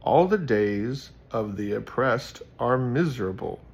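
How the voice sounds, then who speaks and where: A man doing a slow husky old wizard. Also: mid-range voice, animated, heavily acted. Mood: solemn. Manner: slow, drawn-out recitation. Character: wise old male fantasy wizard, solemn and measured. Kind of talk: reading scripture aloud in character.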